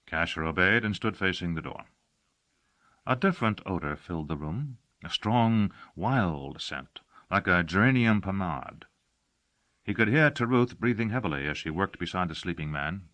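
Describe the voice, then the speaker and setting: A man narrating an audiobook with expressive storytelling. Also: deep voice, normal speed, no room sound. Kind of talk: scripted narration.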